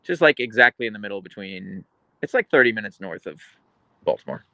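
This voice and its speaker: A man's voice: lowish voice, lively intonation, brisk, bright, forceful tone, dry recording, dull audio. An American man from Pittsburgh hosting a casual livestream and chatting with viewers. He enunciates his consonants sharply and wanders into rambling asides. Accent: American, crisply enunciated. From Pittsburgh, Pennsylvania. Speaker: livestream host reading chat.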